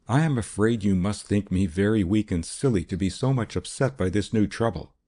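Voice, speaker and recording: A man's voice: on the low side, a little fast, mellow, lightly acted. A man reading an audiobook, voicing a fragile, anxious young woman who speaks plaintively. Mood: distressed. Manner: tremulous, plaintive.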